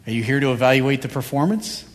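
A man's voice: mid-range voice, quick pace. A male pastor preaching a sermon, driving his points home with repeated rhetorical questions. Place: church sanctuary. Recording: reverberant church hall.

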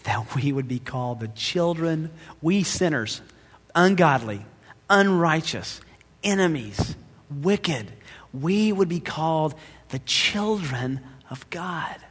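A man preaching in a church, his fairly high voice ringing out with a long hall reverb behind it. He is dramatic, rising into loud emphasis and then dropping to hushed asides. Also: lively intonation, slow pace, breathy edge. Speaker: pastor. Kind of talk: sermon.

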